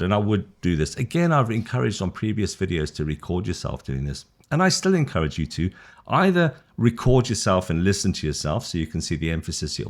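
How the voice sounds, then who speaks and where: A middle-aged man with a British accent and a low, deep voice teaches an English lesson as if to a single student. He is enthusiastic and rambling, stumbles over his words, and makes fun of his own slips. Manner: rambling, gets tongue-tied, self-deprecating. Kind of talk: casual one-to-one style English lesson.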